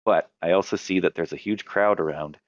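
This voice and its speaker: A man with a very low voice recaps his tabletop game in a relaxed, rambling way, stopping now and then to correct himself. The recording is dull and lo-fi, in a dry room with no echo. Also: fairly quick. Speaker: game master and podcast host. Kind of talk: casual chat about tabletop games.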